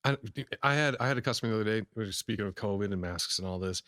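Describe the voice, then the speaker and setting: A man co-hosting a casual podcast chat about sales, telling lively stories and laughing often. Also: lowish voice, racing, no room sound, clean studio sound. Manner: lively storyteller, laughs often, acts out customers. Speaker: sales coach, podcast co-host.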